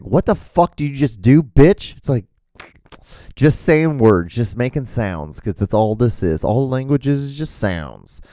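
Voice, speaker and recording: A man's voice: mid-range voice, mellow, no room sound, clean studio sound. A man hosting his own solo podcast, rambling jokily and swearing freely in a casual monologue. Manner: rambling, profane, jokey. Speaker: podcast host.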